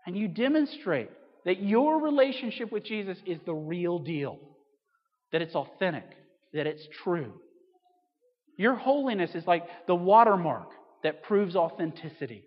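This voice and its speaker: A man's voice: high-pitched, animated, a little slow. A man preaching a sermon as pastor, speaking earnestly and addressing listeners with rhetorical questions. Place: church. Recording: echoey church hall, slightly dull sound.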